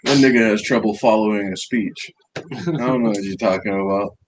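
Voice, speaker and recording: A man's voice: lowish voice, fairly quick, background noise. A man co-hosting a podcast, trading crude, profane jokes and teasing his friend in casual banter. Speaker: podcast co-host.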